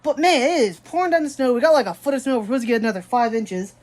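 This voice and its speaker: A woman's voice: fairly high pitch, expressive, racing, darkish tone. A woman, vlogging outdoors during a snowstorm, chatty and laughing often as she talks to her pets. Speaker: daily vlogger. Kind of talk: casual vlog chat while walking outdoors.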